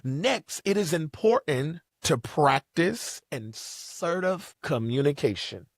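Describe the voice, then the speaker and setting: A man's voice: a little high, lively intonation, takes it slowly, no echo, clean studio sound. A man hosting a podcast, delivering motivational advice in an emphatic, repetitive preacher's cadence. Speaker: podcast host.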